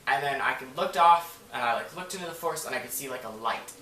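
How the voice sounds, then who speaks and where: Animated and quick, a man with a pushed, bright, medium-pitched voice tells a rambling story to camera, dropping "like" and curse words freely. There's faint noise, and his voice sounds distant in an echoey room.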